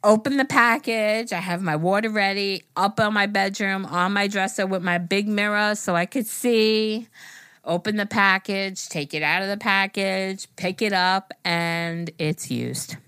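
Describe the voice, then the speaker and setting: A middle-aged woman co-hosting a casual podcast, telling a story in an animated way and swearing freely. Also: mid-range voice, moderate pace, clean tone, no echo. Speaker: podcast co-host. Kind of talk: casual chat.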